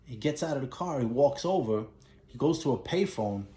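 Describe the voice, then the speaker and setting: A man's voice: mid-range voice, moderate pace. Roomy-sounding man retelling a movie. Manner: animated storytelling, acts out lines in a raised voice. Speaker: movie collector and reviewer. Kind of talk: casual plot retelling. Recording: roomy echo.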